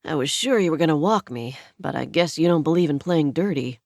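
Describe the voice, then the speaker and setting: A woman's voice: low voice, animated, fairly quick, gravelly, a little mellow, no echo, clean studio sound. A woman voicing a charming, wealthy young man who teases with smug confidence. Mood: teasing. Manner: teasing, smug.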